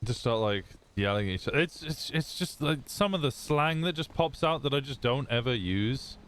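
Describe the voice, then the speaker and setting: A man's voice: mid-range voice, lively intonation, moderate pace, fairly bright tone, smooth. A male streamer chatting casually out of character during a role-play stream, curious and swearing freely, often trailing off mid-sentence.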